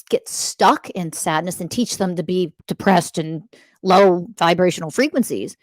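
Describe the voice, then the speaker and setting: A woman podcast host gives a spiritual self-help monologue. Her voice sits low and sounds dry and close. She talks with intense emphasis and swears freely. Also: measured pace, dry recording.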